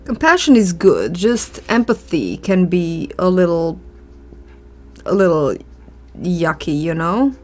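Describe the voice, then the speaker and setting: This art vlogger talks in a fairly low, somewhat dark voice, slow-paced but swinging widely in pitch. She chats casually while drawing, thinking out loud, voicing strong opinions, and letting out sighs over quiet background music.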